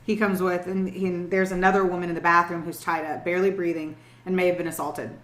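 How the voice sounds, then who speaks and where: A woman's voice: on the low side, flat delivery, fast talker. A young woman co-hosting a podcast, telling a true-crime story in casual, profane, emphatic chat. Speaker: podcast co-host. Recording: roomy echo.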